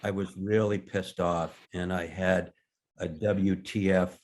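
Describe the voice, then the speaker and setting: Deep-voiced man telling blunt stories. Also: flat delivery, slow pace. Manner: blunt, swears freely, self-deprecating humor. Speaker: interview guest. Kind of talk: candid conversational storytelling.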